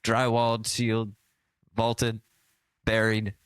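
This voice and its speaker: A man's voice: lowish voice, completely flat delivery, slow pace, clear, resonant tone, no room sound. A man co-hosting a podcast in casual comedic chat, rambling and jokey, often launching into bits. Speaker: podcast co-host.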